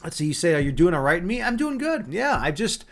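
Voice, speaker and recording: A man's voice: high voice, very animated, fairly quick, a bit bright. A man hosting a livestream, chatting casually with viewers in a joking, teasing way, with many restarts and fillers. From Chicago. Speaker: livestream host.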